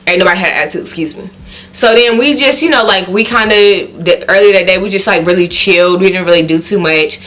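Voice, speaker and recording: A woman with a Southern country accent telling a story on her vlog, animated and acting out what people said in high, excited exclamations. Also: quick pace. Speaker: vlogger.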